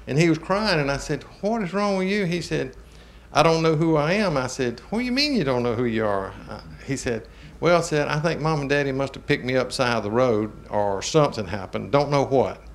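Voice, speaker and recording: An older man from Georgia, hosting a talk show and telling a family story in a folksy, animated way with chuckles. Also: medium pitch, fairly quick, gravelly. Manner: animated, chuckling, drawling Southern speech.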